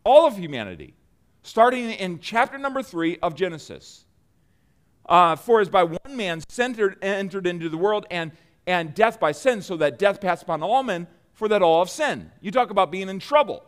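A man preaching a sermon, reading scripture slowly and earnestly, with frequent restarts as he explains. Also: high-pitched, big pitch swings.

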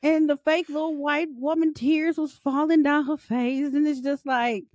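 A young woman co-hosting a podcast, ranting loudly and joking with lots of profanity. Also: sits high, little pitch movement, moderate pace, no room sound. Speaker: podcast co-host. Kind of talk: casual chat.

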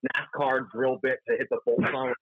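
A man's voice: medium pitch, flat delivery, fairly quick, no room sound. A man from South Florida, a talkative, self-deprecating guest in a casual chat. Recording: tinny phone-like dry line.

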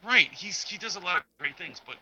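A man with a very bright, tense voice, chatting and rambling through rumors on a casual pop-culture podcast. A faint noise sits behind him. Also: high-pitched, expressive, fairly quick, low-quality recording. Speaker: podcast co-host.

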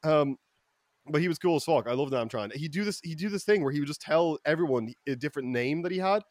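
Young male co-host, fast rambling storyteller, heavy swearing, slightly high voice, dry close mic. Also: expressive, no room sound. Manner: rambling, profane storytelling with frequent fillers. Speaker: podcast co-host. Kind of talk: casual podcast chat.

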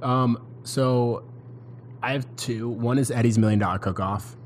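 A man's voice: mid-range voice, steady tone, a little slow, slight background noise. A young man co-hosting a casual podcast chat, joking and acting out quotes in his stories. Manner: jokey, acts out quotes. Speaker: podcast co-host.

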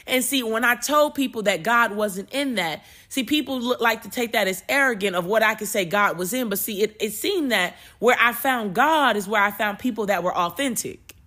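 A young adult woman hosting a podcast, talking casually about faith in an emotional, animated way, often repeating and restarting her words. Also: on the high side, moderate pace, few pauses. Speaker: podcast host and preacher. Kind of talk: casual spiritual talk.

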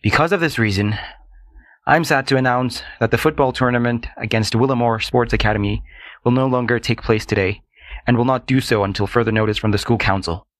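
A man's voice: medium pitch, a little fast, fairly bright tone, no room sound, natural voice. Man voicing a stern schoolteacher, formal grave delivery, dry sound. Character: stern middle-aged male math teacher.

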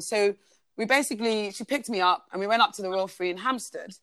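A woman's voice: medium pitch, fast talker, a bit bright, clear, resonant tone, dry recording. A woman, a podcast guest telling a personal story in a chatty way, full of "like" and "basically".

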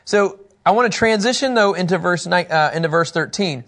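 Guy with a high voice teaching a bible lesson, jokey and animated, acts stuff out, chats with folks in the room. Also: a little fast. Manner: animated, joking, acts out scenes.

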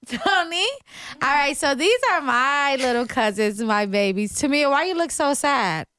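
A woman's voice: high-pitched, expressive, normal speed, sharp tone, no room sound. A woman hosting a casual podcast chat in a studio, laughing often and teasing and mothering the kids on the mic. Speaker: podcast host. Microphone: studio microphone with headphones.

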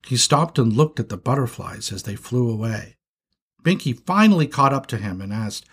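Man reading a children's story, breathy. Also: mid-range voice, normal speed. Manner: expressive, animated reading.

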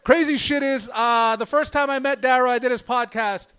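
Male stand-up comic, fairly high and smooth voice, profane, rambling, loose. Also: steady tone, normal speed, sharp tone. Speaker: stand-up comedian. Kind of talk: stand-up comedy set.

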